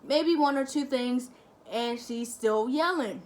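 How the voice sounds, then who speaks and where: A young woman vlogger talks straight to camera in a casual, chatty storytelling way. Her voice sits high, and she acts out the other people as she goes. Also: takes it slowly. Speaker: family-channel vlogger.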